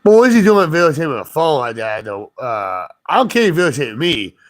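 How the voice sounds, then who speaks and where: A man with a voice pitched a little above the usual, talking in a loose, profane ramble. He retells a street run-in to a friend, jumping between his own words and quoted voices. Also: very animated, a little fast. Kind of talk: casual storytelling chat.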